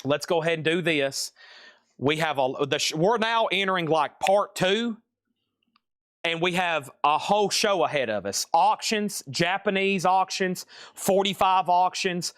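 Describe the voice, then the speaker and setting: A man's voice: high voice, unhurried, a bit bright, no room sound, studio quality. A man hosting a live-streamed record sale, chatty and rambling as he runs through auctions. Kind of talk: live-stream sales patter.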